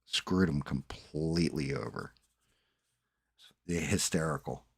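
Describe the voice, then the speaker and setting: A man's voice: extremely low pitch, takes it slowly, vocal fry, husky, no room sound, studio quality. A man hosting a live stream, telling stories casually and swearing freely. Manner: laid-back storytelling with swearing.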